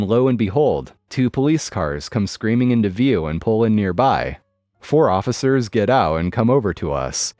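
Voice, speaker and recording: A man's voice: on the low side, a little mellow, no room sound. A man reading a first-person story in a wry, matter-of-fact scripted narration. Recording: dry close mic with music bed.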